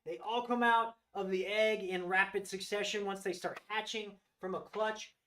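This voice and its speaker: Man, high pitched, enthusiastic, rambling, live-stream sales host. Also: fairly even intonation, normal speed, fairly bright tone. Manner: enthusiastic, gushing over animals. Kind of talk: live-stream product showcase.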